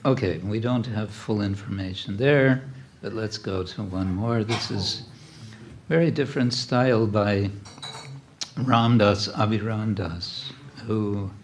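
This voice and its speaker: Slow, halting man teaching a devotional class. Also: lowish voice, creaky, noisy background. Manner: halting, gently humorous, many fillers. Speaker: guest speaker giving a spiritual class. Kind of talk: devotional class on religious paintings.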